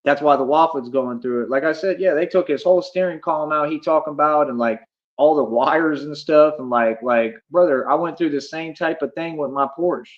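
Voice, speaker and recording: A man with a fairly high, brisk voice rants boastfully at his livestream chat over lo-fi audio. He's brash and defiant, repeating himself and calling his listeners homie.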